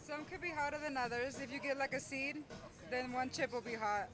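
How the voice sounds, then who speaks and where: A woman vendor at an outdoor market stall, cheerful as she pitches her homemade food. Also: fairly quick. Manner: cheerful, laughs between lines. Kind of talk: casual pitch to customer.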